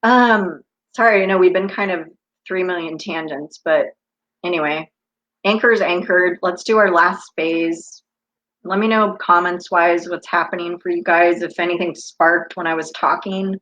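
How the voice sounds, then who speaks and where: Woman, 50s, from the United States, intuitive coach, casual live-stream chat, rambling spiritual tangents, lowish voice. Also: fairly even intonation, normal speed, fairly bright tone, muffled recording. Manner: chatty, tangent-prone, spiritual.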